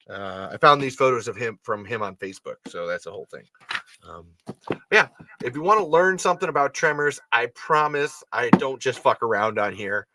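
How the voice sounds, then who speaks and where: A man's voice: mid-range voice, sharp tone, slight background noise. A young man hosting a podcast in casual chat, rambling with many fillers and swearing freely. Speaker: podcast host.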